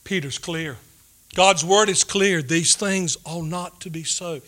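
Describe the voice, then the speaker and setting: A man preaching a sermon, swinging between loud emphatic points and hushed asides. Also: sits high, slow pace. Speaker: pastor.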